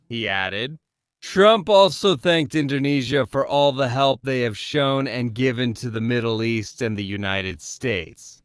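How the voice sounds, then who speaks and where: A man's voice: medium pitch, fairly bright tone, smooth, no room sound, clean studio sound. A man commentating on the news in a live stream, firing off rhetorical questions and greeting viewers in the chat.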